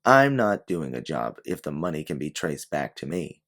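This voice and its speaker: A man's voice: extremely low pitch, very animated, moderate pace, a bit bright, heavily acted. A man voicing a guarded woman private investigator who talks in a wry, blunt, businesslike way.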